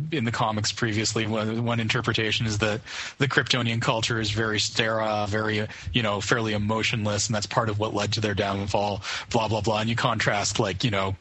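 A man's voice: on the low side, flat delivery, brisk, pushed and bright, no echo. A man co-hosting a casual movie-review chat, opinionated and profane in his rants.

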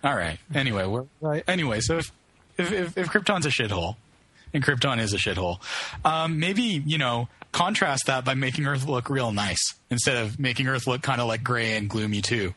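A man's voice: mid-range voice, animated, a little fast, bright, forceful tone, husky. A man co-hosting a casual movie-review chat, opinionated and profane in his rants.

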